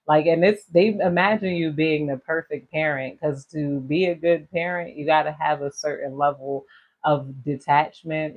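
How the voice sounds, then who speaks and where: A woman's voice: low voice, narrow, tinny audio. Chatty rambling woman tarot reader. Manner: rambling, chatty, slangy, laughs often. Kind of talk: casual tarot reading.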